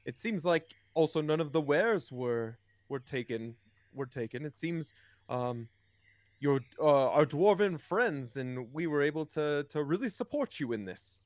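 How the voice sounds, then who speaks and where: A man voicing a friendly, slightly boastful adventurer in a tabletop game, speaking haltingly and repeating words. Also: on the high side, animated, no echo.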